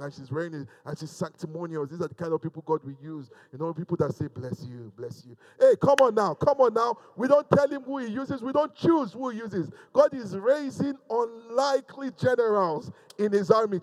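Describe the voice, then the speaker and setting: Fervent high-voiced male preacher. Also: a little fast, hardly any pauses. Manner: fervent preaching, swinging from loud exhortation to hushed, intimate asides. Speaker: pastor. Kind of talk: sermon. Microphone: speaking to a camera.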